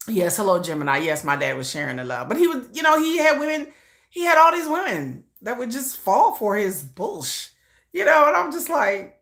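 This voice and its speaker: A woman hosting a casual livestream, chatting loosely, laughing often and breaking into excited shrieks. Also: mid-range voice, moderate pace. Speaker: livestream host.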